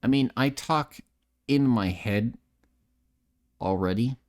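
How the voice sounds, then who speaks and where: A man chats casually with his live-stream viewers, sounding tipsy and a bit nasal with a slight lisp, rambling and putting himself down, close to a desk mic. He's a streamer and voice actor whose mid-range voice is slow and a little mellow.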